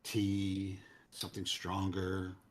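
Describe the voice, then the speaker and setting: A man's voice: sits low, monotone, slow pace. A man doing a haughty cleric leader. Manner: suspicious, condescending.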